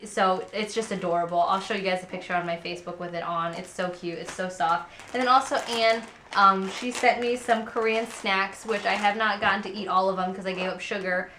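A woman's voice: medium pitch, steady tone, fairly quick, few pauses, sharp tone, slight background noise. A woman in her twenties chatting casually to camera at home as a vlogger, candid and rambling with many fillers. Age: 20s. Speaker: parenting vlogger. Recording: roomy echo.

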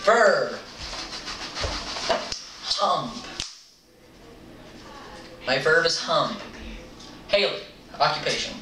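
A man hosting his own video, talking loudly in casual game chat and teasing as he goes. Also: fairly high pitch, lively intonation, drawn-out words, long pauses, reverberant, distant mic, noisy background. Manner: joking, teasing; talks loudly. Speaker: video host.

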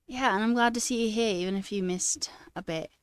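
A woman's voice: mid-range voice, brisk, clear, resonant tone, dry recording, clean studio sound. Woman in a put-on British accent. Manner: playfully putting on a mock British accent; chatty, laughs often, reads chat aloud. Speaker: livestreamer and new software engineer. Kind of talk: casual live-stream chat.

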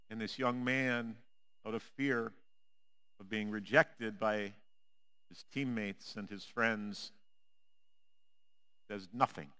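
A male pastor preaching a sermon in a church, with a measured, dramatic delivery that drops low and quiet on the repeated refrains. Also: fairly even intonation, clear, resonant tone. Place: church sanctuary.

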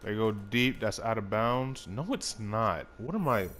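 A man's voice: lowish voice, a little slow, fairly bright tone, a little hiss or hum. A young man giving casual, profane running commentary while playing a football video game, breaking into frequent outbursts at the action. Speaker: gaming YouTuber. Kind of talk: casual live commentary over gameplay.

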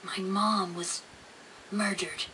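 A woman voicing a grieving young boy in a video game cutscene, frightened but insistent, often speaking in a hushed, half-whispered way. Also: medium pitch, fairly even intonation, takes it slowly, recorded from a distance, very noisy, lightly acted. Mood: shaken.

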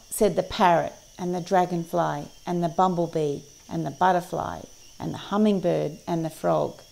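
A woman reading a picture book aloud, patiently listing each animal in a steady cadence. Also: fairly low pitch, moderate pace, gravelly, rough recording. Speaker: storyteller.

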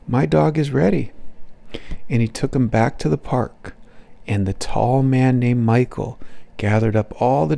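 Slow, gravelly man telling a bedtime story. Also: medium pitch. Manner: gentle, soothing, repetitive. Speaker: parent telling a nap-time story.

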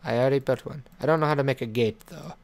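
A man's voice: medium pitch, fast. A man hosting a let's play, giving gameplay commentary in a playful way and chatting to and scolding his in-game animal. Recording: clear background noise with clicking.

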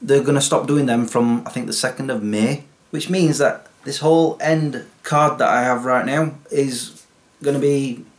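A man's voice: medium pitch, steady tone, normal speed. A man, a YouTuber, talking to camera in a casual, rambling vlog chat with many fillers.

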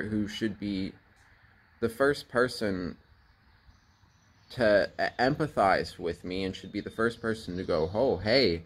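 A man's voice: on the low side, slight background noise. A young man candidly retelling a painful childhood memory in a casual vlog, swearing and laughing as he goes. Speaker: vlogger. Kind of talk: casual personal storytelling.

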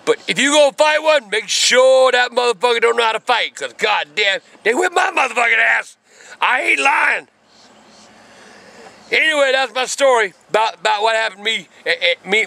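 Profane old man, high-pitched. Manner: cursing, repetitive, bursts into shouting. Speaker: channel regular. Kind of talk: profane rambling storytelling.

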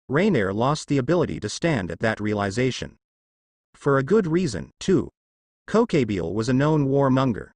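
A man narrating a fanfic story in a steady storytelling way. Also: medium pitch, moderate pace, dry recording. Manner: steady storytelling, lively intonation. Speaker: reader.

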